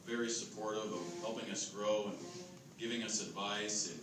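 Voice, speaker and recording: Relaxed man talking with lots of "uh"s. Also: fairly low pitch, moderate pace, crowd noise. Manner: relaxed, hesitant, lots of "uh" fillers. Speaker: charity ride team member. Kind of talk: casual storytelling to a camera. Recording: echoey, distant, noisy.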